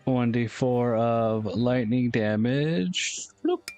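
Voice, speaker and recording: A man's voice: medium pitch, expressive, very slow, a little mellow. A man playing in a tabletop game, stating his rolls and actions in a matter-of-fact way. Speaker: player.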